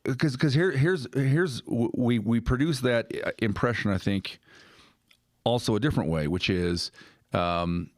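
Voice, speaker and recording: A man's voice: medium pitch, measured pace, dry recording, studio quality. A man hosting a podcast conversation, thinking aloud with restarts and checking in with "right?". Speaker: podcast host. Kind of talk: casual conversational discussion.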